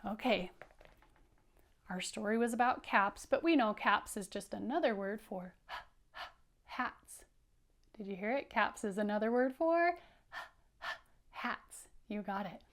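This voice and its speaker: A woman teacher reading a picture book aloud to young children, animated and encouraging, inviting them to repeat lines. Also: medium pitch, normal speed. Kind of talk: children's story read-aloud lesson.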